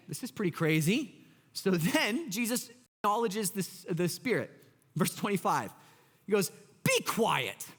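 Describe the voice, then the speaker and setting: Excitable pastor with a lively high voice. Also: male voice. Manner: excitable, conversational, talks straight to the congregation. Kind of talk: sermon. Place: church sanctuary. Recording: long church hall reverb.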